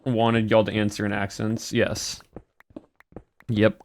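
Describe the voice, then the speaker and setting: A man with a somewhat low voice chats casually on a live stream. He rambles a little and restarts his sentences as he responds to viewers. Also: completely flat delivery, slow pace, slight background noise. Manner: chatty and rambling. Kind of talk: casual stream chat, answering chat.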